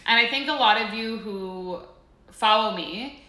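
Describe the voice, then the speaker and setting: A bubbly woman chats away on a casual livestream, gushing and peppering her talk with "like". Her voice is bright and sharp. The sound rings around an echoey room. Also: mid-range voice, a little slow. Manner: bubbly and gushing, heavy use of "like". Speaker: livestream host.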